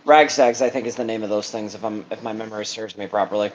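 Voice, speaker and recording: A man playing a tabletop game, talking casually in a soft, hesitant way. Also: on the low side, fairly even intonation, fast talker, highs cut off, a crowd in the background. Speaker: player.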